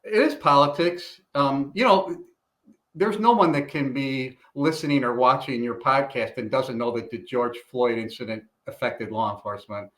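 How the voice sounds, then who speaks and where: Retired police chief telling stories. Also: male voice, medium pitch, normal speed. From Illinois, US. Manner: animated storyteller, acts out quoted dialogue. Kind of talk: casual storytelling interview.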